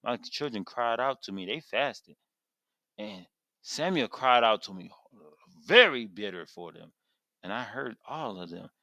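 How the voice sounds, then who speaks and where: A man voicing God the Father in a soft, hushed, reassuring tone while retelling a Bible story. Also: mid-range voice, big pitch swings, measured pace, gravelly, dry recording, full character voice. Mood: protective. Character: God the Father, calm, tender deep male voice.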